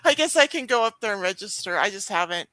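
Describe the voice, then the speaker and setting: A woman's voice: medium pitch, animated, fast, bright, forceful tone, dry recording. A woman co-hosting a podcast in casual chat, outspoken and restarting her sentences often. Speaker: podcast co-host.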